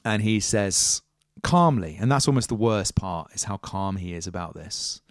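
A man narrating a tabletop game as game master, with measured storytelling and casual asides. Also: fairly low pitch, expressive, no echo, studio quality.

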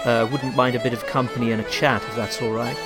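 A man's voice: mid-range voice, fairly even intonation, fast. A man playing a tabletop role-playing game, hesitant with many fillers. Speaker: player. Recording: music playing behind.

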